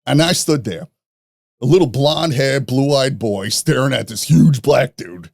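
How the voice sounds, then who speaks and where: A man, a podcast guest telling rough stories in a profane, animated way, laughing at his own jokes. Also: mid-range voice, measured pace, no room sound, studio quality. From New York. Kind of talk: casual storytelling.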